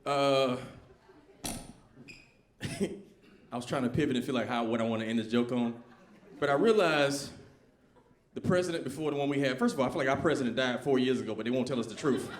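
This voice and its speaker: A man from the American South, doing an animated, conversational stand-up set and quizzing the crowd. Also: mid-range voice, a little fast, pauses often. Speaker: stand-up comedian. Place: comedy club stage. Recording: echoey club room.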